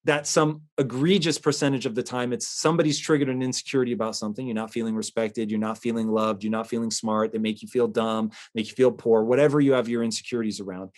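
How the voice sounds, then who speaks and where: A man's voice: mid-range voice, quick pace. A man hosting a motivational talk, speaking emphatically in a conversational, storytelling way. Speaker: host.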